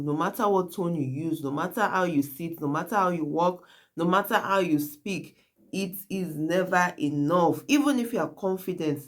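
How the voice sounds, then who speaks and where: Using a mid-range voice, this YouTube host offers casual, earnest commentary to viewers, regularly checking in with "guys" and "right?"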